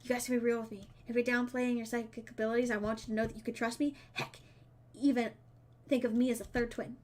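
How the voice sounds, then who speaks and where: Wry teen daughter for a game read-through, read by a woman; keep it dry and fairly high. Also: level tone, fast, natural voice. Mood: warm. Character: teenage daughter, wry and affectionate.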